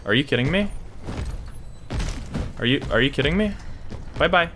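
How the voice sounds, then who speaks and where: A young man giving live gameplay commentary, swinging between low mutters and panicked yelps and shouts. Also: lively intonation, moderate pace, a little hiss or hum. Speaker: gaming YouTuber.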